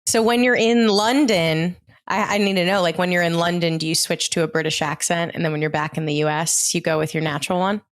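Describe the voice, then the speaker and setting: A woman's voice: fairly low pitch, steady tone, fairly quick, hardly any pauses. A woman co-hosting a podcast as a therapist, bantering playfully and swearing freely in casual chat.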